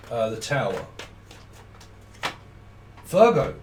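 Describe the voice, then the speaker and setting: A man's voice: fairly high pitch, huge pitch swings, measured pace, pauses often, far from the mic, slight background noise. A man giving a casual, rambling tarot reading, swearing freely and laughing often. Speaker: tarot reader. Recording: roomy sound from off the mic.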